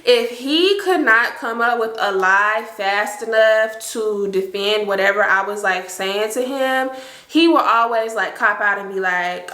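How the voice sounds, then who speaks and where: A young woman, telling an animated, slangy storytime to her viewers. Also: on the high side, unhurried, roomy sound. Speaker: storytime vlogger. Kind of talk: casual storytime.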